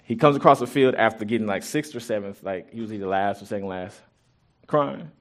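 A pastor preaching a sermon in an animated, conversational way, mixing Bible reading with personal stories. He often restarts his sentences, and his loudness jumps suddenly. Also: on the low side, quick pace. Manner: conversational and joking with the congregation. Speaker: pastor and youth track coach.

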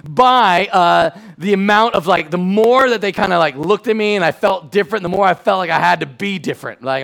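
A middle-aged man preaching a sermon in a church in a lively, conversational way, moving between loud and hushed passages. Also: sits high, fairly quick, creaky, hardly any pauses. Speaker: pastor.

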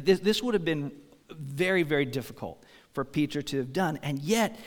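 A man's voice: fairly high pitch, long reverb tail. A man pastor giving a sermon, telling stories in a conversational way and asking the congregation questions.

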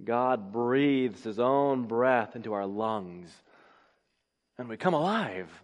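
A man's voice: mid-range voice, expressive, takes it slowly. A man preaching a sermon, reading scripture and building to emphatic, rising exclamations. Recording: long hall reverb.

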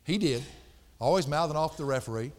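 A middle-aged man preaching a sermon, folksy and emphatic, jumping from loud outbursts to hushed asides. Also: a little high, lively intonation, fairly quick. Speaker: pastor. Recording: long hall reverb.

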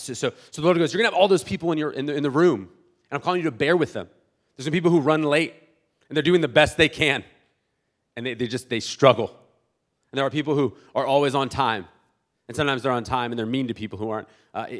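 Animated male pastor preaching. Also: medium pitch. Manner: animated, acts out imagined church members; many restarts and repeated words. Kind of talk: sermon.

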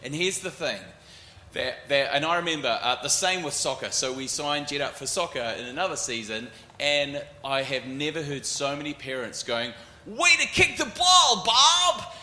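A man in his forties with a New Zealand accent, telling animated stories as a panelist and acting out other people's voices. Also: medium pitch, normal speed, roomy sound. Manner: animated, acts out voices in anecdotes. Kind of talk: storytelling panel talk.

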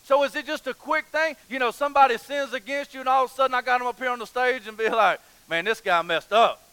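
A man's voice: extremely high pitch, steady tone, fast, sharp tone, clean tone, no room sound, low-quality recording. A man preaching a sermon as pastor, passionate, repeating phrases and asking rhetorical questions.

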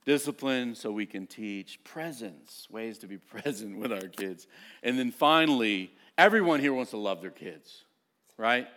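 A middle-aged man preaching a sermon as pastor, telling family stories in an animated, self-mocking way. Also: mid-range voice, unhurried.

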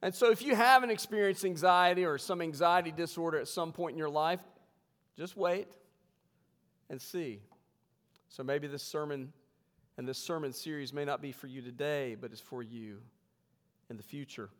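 Male pastor, slightly higher voice, relaxed humorous sermon delivery, reverberant church hall. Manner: humorous, conversational preaching with slow emphatic scripture reading. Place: church sanctuary.

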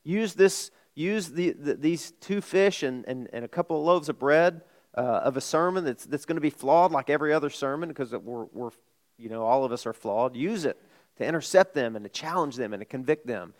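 Middle-aged male pastor, conversational sermon, swings from loud to quiet, restarts often. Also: mid-range voice, brisk. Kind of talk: sermon with a personal story.

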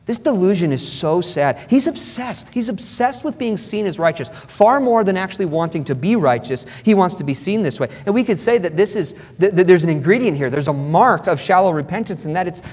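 A man's voice: sits high, big pitch swings, moderate pace, darkish tone, husky. A man preaching a sermon as pastor, emphatic and repeating phrases for stress. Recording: long hall reverb.

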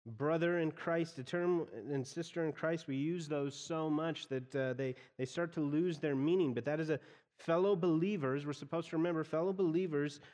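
A man's voice: fairly high pitch, fairly even intonation, normal speed, a little mellow, big-room sound. A man preaching an expository sermon as pastor, often repeating phrases as he explains a text.

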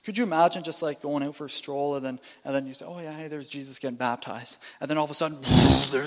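A man preaching a sermon with animated, playful delivery, often restarting and repeating phrases. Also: a little high, fast talker, hardly any pauses. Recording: long reverb in a hall.

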